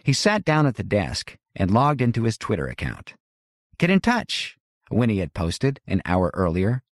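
A man reading a novel aloud as audiobook narrator, in a measured, wry storytelling manner. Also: lowish voice, very animated, no echo. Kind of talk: scripted narration. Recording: dry close studio.

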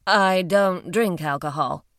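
A woman reading an audiobook, voicing a brisk, chatty female investigator who speaks eagerly and openly. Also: on the low side, fairly bright tone, no echo, studio quality. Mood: chatty, candid.

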